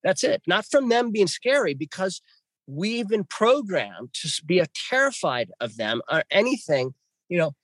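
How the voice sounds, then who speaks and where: A man guest telling a story in an excitable way, swinging between hushed and loud. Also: high voice, moderate pace, husky, dry recording. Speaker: podcast guest. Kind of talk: animated storytelling.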